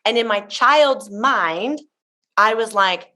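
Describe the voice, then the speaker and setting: A woman's voice: on the high side, takes it slowly. Woman guest, thirties, from Tennessee; effusive, chatty storyteller. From Tennessee, USA. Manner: gushing, animated storyteller with many "like" fillers. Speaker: guest, show emcee. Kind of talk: casual interview chat.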